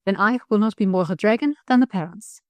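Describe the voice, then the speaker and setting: A woman voicing a fussy French governess with a shrill French accent and stilted, broken phrasing. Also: fast, darkish tone, dry recording, highs cut off, close to an everyday voice.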